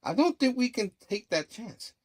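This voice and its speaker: A man's voice: very high-pitched, big pitch swings, moderate pace, voice pushed up, full character voice. A man reading out Spider-Man's lines as an indignant young superhero, loosely voiced in a comic review.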